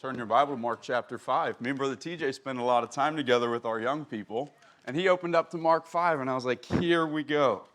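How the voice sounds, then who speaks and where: A young man preaching a sermon, reading scripture slowly and then retelling it in casual everyday speech. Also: mid-range voice, fairly bright tone.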